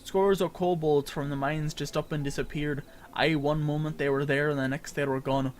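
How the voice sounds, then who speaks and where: A man reads as a rough-talking dockside woman, blunt and loud, in a voice only a little higher than his usual. Faint hiss sits under the read. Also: fairly even intonation, normal speed, natural voice. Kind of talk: reading game dialogue aloud.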